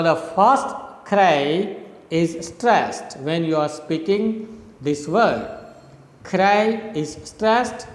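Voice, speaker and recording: A middle-aged man with an Indian English accent, giving a recorded lecture on poetic meter. He repeats words and spells them out for his students. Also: high voice. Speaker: associate professor of English literature. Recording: roomy echo with long reverb.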